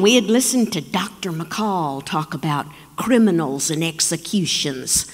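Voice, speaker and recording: A woman from Texas telling a story on stage, dramatic and slowing for emphasis. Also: mid-range voice. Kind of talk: live storytelling performance. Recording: long reverb of a performance hall.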